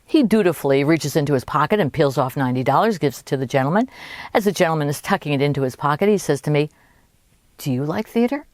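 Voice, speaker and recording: A woman recounts a personal story in an animated, conversational manner. Her voice sits fairly low but moves a lot in pitch, and the recording is close and dry. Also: fast, dry recording. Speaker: holistic health coach.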